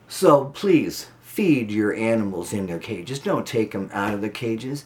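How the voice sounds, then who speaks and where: A man's voice: lowish voice, expressive, unhurried, few pauses. A man, a snake breeder, giving a blunt, emphatic class on keeping ball pythons, repeating his instructions. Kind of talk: instructional talk to camera.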